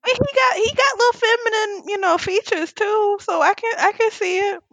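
A woman co-hosting a casual chat, animated and playful, laughing often and exclaiming. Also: very high voice, normal speed, no room sound. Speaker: podcast co-host.

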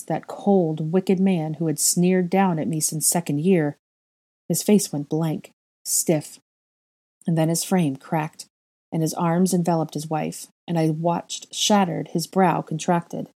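Give me a low-voiced woman narrating a first-person story, measured and expressive. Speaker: audiobook reader.

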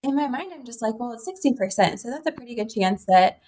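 A woman's voice: fairly high pitch, lively intonation, fast, darkish tone. A young woman, a podcast guest, telling a personal story in a chatty way, with many fillers and quoted dialogue. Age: young adult. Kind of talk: conversational storytelling.

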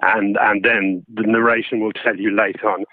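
A man's voice: lowish voice, flat delivery, moderate pace, dry recording. Male narrator as guest, chatty, self-deprecating, phone-line sound, dry. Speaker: guest, voice actor and audiobook narrator. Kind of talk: casual interview chat.

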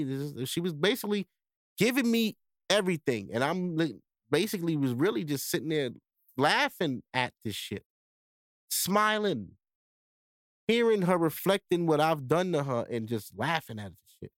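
A man's voice: fairly high pitch, sing-song, moderate pace, no echo, clean studio sound. A young man hosting a podcast, telling a candid personal story in profane street slang. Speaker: podcast host. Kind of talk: casual storytelling monologue.

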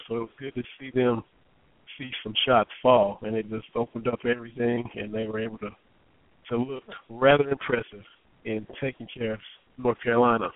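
A man in his thirties hosting a casual sports talk radio show, his voice still hoarse, chatty and folksy with many fillers. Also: medium pitch, no echo. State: hoarse, recovering voice. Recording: tinny phone-line audio.

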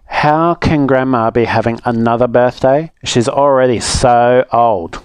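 A man's voice: mid-range voice, measured pace, clear, resonant tone, dry recording, lightly acted. A man voicing a rude, cheeky little girl in a storybook reading, with a bratty, defiant manner. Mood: scornful.

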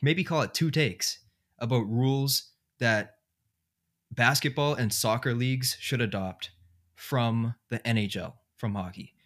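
A man's voice: medium pitch, a little slow, fairly bright tone. A man hosting a casual sports podcast, thinking aloud with lots of fillers. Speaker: podcast host.

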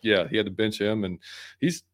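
Fast-talking low-voiced man. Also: no room sound. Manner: quick, loose, casual. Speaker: podcast co-host. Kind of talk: casual sports chat.

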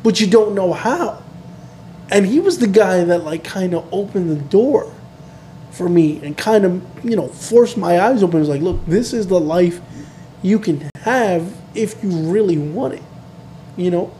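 A man's voice: high voice, lively intonation, a little slow, dark tone, a little hiss or hum. A man in his thirties hosting a casual chat, talking earnestly and reflectively in loose restarts.

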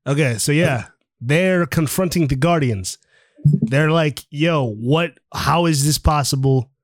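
A man hosting a podcast over an online call, casually retelling a comic book plot in an animated way, swearing freely and acting out the characters' lines. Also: a little high, slow pace, no room sound, clean studio sound. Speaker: podcast host.

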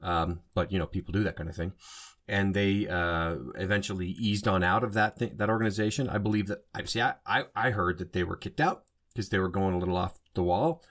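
A man's voice: sits low, brisk, a bit bright. A man hosting a solo podcast in a casual monologue, rambling and often stopping to rephrase and correct himself. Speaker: podcast host.

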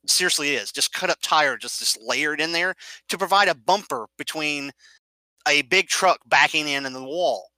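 A man chats casually about movies, animatedly retelling film scenes, acting them out and explaining the details. His voice sits a little high and moves at a moderate pace. The audio is poor, though there's no echo.

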